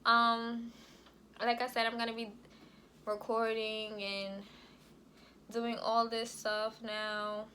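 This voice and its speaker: A young woman chats through a casual story time, peppering her talk with "like" and "y'all". Her voice is bright and forward, recorded at home on a camera mic with a faint hiss underneath. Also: a little high, monotone, slow pace, long pauses. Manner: chatty, frequent "like" and "y'all". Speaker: vlogger.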